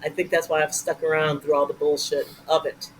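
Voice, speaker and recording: An older woman, a guest improviser, telling animated stories in a casual interview and swearing freely. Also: low-pitched, fairly quick, slight background noise, low-quality recording.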